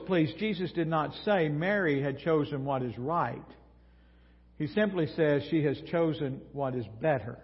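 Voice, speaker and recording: A male pastor preaches in a slow, unhurried way, folksy and joking. His voice is fairly high and husky, with a long hall echo and a dull, lo-fi recording around it. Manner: folksy, humorous preaching with props. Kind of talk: sermon. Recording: echoey hall, dull lo-fi sound.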